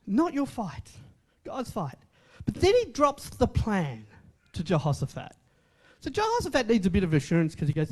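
A man's voice: high voice, huge pitch swings, normal speed. A man preaching a sermon in a conversational way, repeating short phrases for emphasis and asking the congregation questions. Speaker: pastor.

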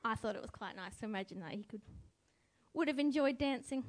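A woman's voice: on the high side, brisk. A woman giving a reflective spoken devotional, musing and asking the listener questions. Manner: musing, asks listeners questions, lively voice for quotes. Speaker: devotional speaker.

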